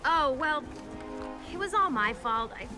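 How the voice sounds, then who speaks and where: A woman voicing an eager, naive young princess who rambles breathlessly in animated film dialogue, with music underneath. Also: sits high, a little slow, low-quality recording. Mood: bubbly, defensive. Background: film score music.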